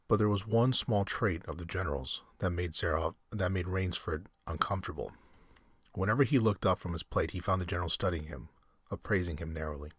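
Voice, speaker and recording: A man reading a short story aloud in a measured way, now and then correcting a word. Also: low voice, husky, no room sound, clean studio sound. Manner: measured reading with occasional slips and self-corrections. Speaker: reader.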